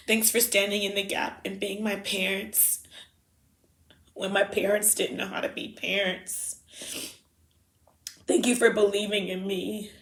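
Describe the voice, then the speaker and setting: A woman speaking heartfelt farewell letters, halting and emotional, with soft pauses. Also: medium pitch, level tone. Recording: roomy echo.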